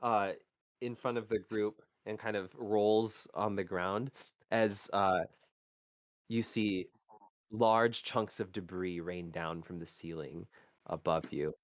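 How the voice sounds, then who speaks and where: A man narrating a tabletop game as game master on a live stream, halting and searching for words as he describes the scene. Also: lowish voice, little pitch movement, no room sound.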